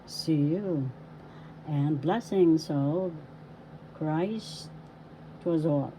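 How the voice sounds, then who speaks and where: A woman language teacher giving a slow pronunciation lesson, breaking each word into syllables and repeating it. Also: deep voice, mellow, a little hiss or hum, low-quality recording. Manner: deliberate, spells words out syllable by syllable and repeats them.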